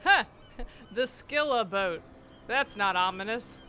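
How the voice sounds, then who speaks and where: A woman's voice: a little high, expressive, takes it slowly, bright, forceful tone, slight background noise. A woman streaming a video game, making chatty, joking asides over it. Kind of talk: casual let's-play commentary.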